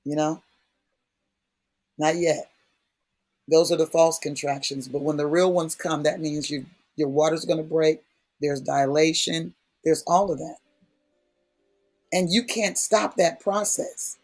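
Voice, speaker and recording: A man's voice: on the high side, steady tone, measured pace, long pauses, darkish tone, faint music behind. A man preaching in a prayer session, talking in a folksy, emphatic way and repeating key phrases for weight. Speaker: prayer speaker.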